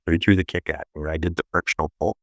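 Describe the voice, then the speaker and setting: Deep-voiced middle-aged man telling blunt stories. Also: very fast, vocal fry, dry recording. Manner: animated storyteller, blunt and joking. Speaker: martial arts instructor, guest. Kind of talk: casual interview chat.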